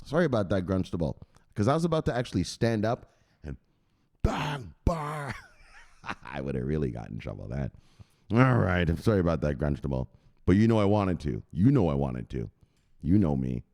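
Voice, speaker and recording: A man's voice: sits low, normal speed, creaky, long pauses. A man hosting a crypto channel at home at night, rambling and swearing in casual vlog chat. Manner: profane, rambling, animated.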